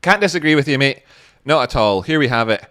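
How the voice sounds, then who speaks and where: A Scottish man hosts a livestream in a loose, rambling chat. His voice sits at a medium pitch and sounds close and dry on the mic. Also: animated, a little fast, sharp tone, no echo. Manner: rambling, laid-back, with frequent fillers. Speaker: livestream host.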